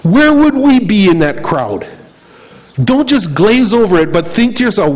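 Higher-voiced male preacher. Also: very animated, low-quality recording. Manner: rhetorical questions, slows down and repeats key phrases. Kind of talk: sermon.

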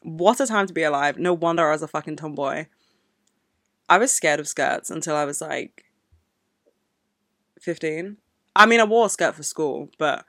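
Young female podcast host, blunt and sweary, rambling casual chat, bright forward tone, close dry mic. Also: low-pitched, dry recording. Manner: candid, profane, rambling with many "like"s.

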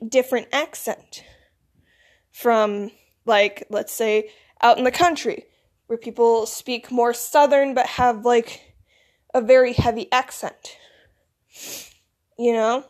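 A woman's voice: fairly high pitch, slow pace, pauses often. A woman with a Michigan accent talking in a casual, rambling monologue. She is groggy from just waking up and keeps filling gaps with "like" and "you know". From United States. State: groggy, recently woken. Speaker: vlogger.

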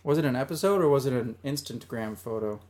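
Male co-host, stuffed up, relaxed rambling tasting chat, average pitch. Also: quick pace. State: stuffed up nose. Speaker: co-host of a beer tasting show.

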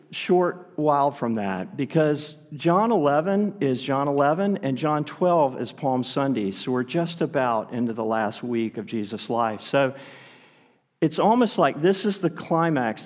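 A man's voice: medium pitch, a little mellow, big-room sound. A man pastor preaching a sermon in an earnest, conversational way, pushing his voice up for emphasis.

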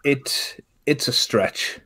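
A man's voice: extremely slow, sharp tone. A man co-hosting a podcast, talking in a wry, rambling way with restarts. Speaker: podcast co-host. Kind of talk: casual podcast chat.

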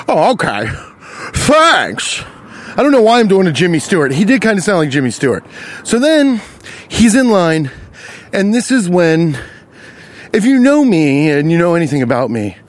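A young man hosting a podcast, telling a rant-style story outdoors on a city street, animated and profane. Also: sits high. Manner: animated, profane, riffs on his own story. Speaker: podcast host.

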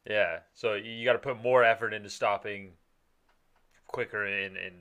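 A man's voice: on the low side, steady tone, moderate pace, pushed and bright, smooth. A man in casual chat, rambling with many restarts and the odd swear word.

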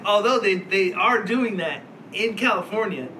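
High-pitched guy cracking jokes and laughing, lots of noise behind him. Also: normal speed. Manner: joking, laughs often, swears freely. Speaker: podcast co-host. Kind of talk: casual chat. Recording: noisy background.

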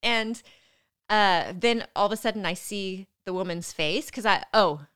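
A woman's voice: mid-range voice, moderate pace, fairly bright tone, clean tone. A woman animatedly telling a personal story in casual chat, often breaking into laughter. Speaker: guest telling her birth story.

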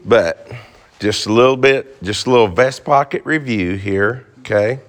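A man's voice: on the low side, unhurried. A man teaching an interactive Bible class, joking and asking the class questions.

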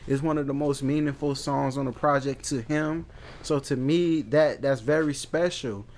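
A man's voice: medium pitch, steady tone, normal speed, a little mellow. A man co-hosting a podcast, telling a candid personal story in casual, slangy talk with frequent restarts. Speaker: podcast co-host.

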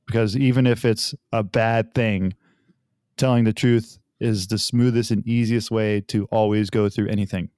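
A man's voice: fairly low pitch, moderate pace, clear, resonant tone, no echo, clean studio sound. A man in his thirties, a father of young children, talking casually and telling family stories, sometimes acting out what others said. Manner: relaxed storytelling, acts out family dialogue. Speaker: podcast guest, father. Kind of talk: casual conversation.

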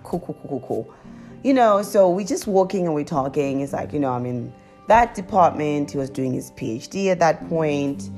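A woman telling her viewers a confessional story in a chatty, animated way, laughing as she goes. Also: normal speed, soft background music. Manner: laughs often and breaks into high squeals. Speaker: vlogger.

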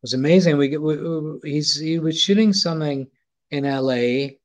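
A man's voice: a little high, moderate pace. A middle-aged Scottish man telling a story as a podcast guest, rambling and often restarting his sentences. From Scotland. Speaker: guest, photographer. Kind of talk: casual anecdote storytelling.

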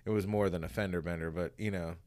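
A man's voice: sits low, fairly even intonation, fast talker, a little mellow, dry recording. A man in casual conversation telling a rambling, profane story, laughing often and acting out what others said.

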